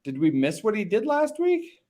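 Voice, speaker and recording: Man in lively fantasy football banter. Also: high voice, moderate pace. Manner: reads sponsor ads in a hammy announcer voice. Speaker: podcast co-host. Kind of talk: casual fantasy football chat.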